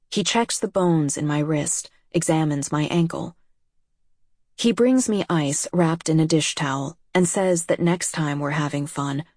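Husky low-voiced woman narrating a memoir. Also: a little mellow, no echo, clean studio sound. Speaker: audiobook narrator. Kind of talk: first-person memoir narration.

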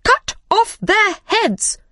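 A woman voicing the imperious Queen of Hearts, who shouts her commands in a high, strained voice. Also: expressive, slow, no echo, full character voice. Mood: furious.

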